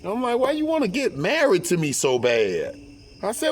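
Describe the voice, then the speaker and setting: A man telling a personal story in casual, profane speech, acting out quotes loudly and often repeating and restarting his words. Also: high-pitched, big pitch swings, moderate pace, slight background noise.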